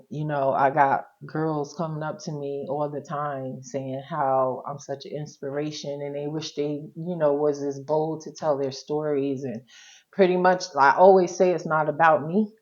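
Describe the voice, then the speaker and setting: Woman w a low voice sharing her story in an interview, super candid and casual, kinda muffled recording. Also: fairly even intonation, unhurried. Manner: colloquial and frank, quotes her own past words. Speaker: interview guest, social worker.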